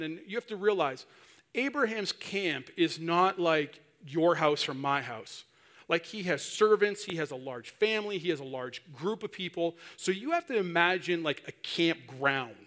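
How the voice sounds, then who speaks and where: A man's voice: sits high, a bit bright. A male preacher giving a sermon, telling a story animatedly and acting out the voices of the people in it.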